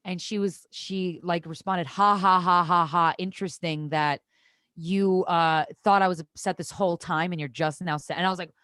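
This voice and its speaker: A woman's voice: lowish voice, moderate pace, no echo, studio quality. A woman, a podcast guest in casual chat, telling stories with lots of swearing and acting out what others said. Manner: animated storytelling, acts out quoted voices, swears freely.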